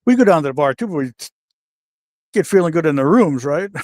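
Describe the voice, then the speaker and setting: An older man telling backstage stories in a casual, animated way, acting out the voices of the people in them. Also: on the high side, fairly quick, no room sound, clean studio sound. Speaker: guest wrestler telling stories. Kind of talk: casual storytelling.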